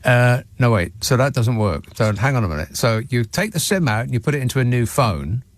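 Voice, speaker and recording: A male radio phone-in host with a sardonic, teasing delivery. His pitch swings widely as he riffs on callers and messages. The sound is close and dry, with no room around it. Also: lively intonation, a little fast, no room sound. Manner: sardonic, dry jokey asides. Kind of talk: late-night radio phone-in banter.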